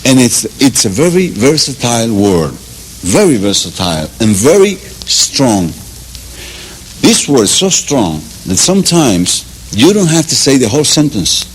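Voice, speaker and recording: A man from Cuba with a Cuban accent gives a playful, mock Spanish lesson, chuckling and drilling slow repetitions. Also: medium pitch, sing-song. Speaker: teacher. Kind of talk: comic mock language lesson. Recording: loud background noise.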